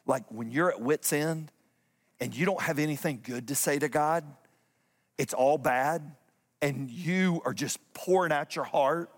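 A man preaching from a church platform, his fairly high voice ringing with a long reverb around the sanctuary. He hammers home short refrains and swings between quick bursts and slow, deliberate lines. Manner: emphatic preaching with repeated refrains, speeding up and slowing down. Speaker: pastor. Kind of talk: sermon.

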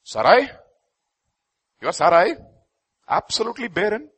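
A man preaching a sermon as pastor, dramatic, swinging from quiet asides to loud pleading and slowing to stress key lines. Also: high voice, very animated, husky.

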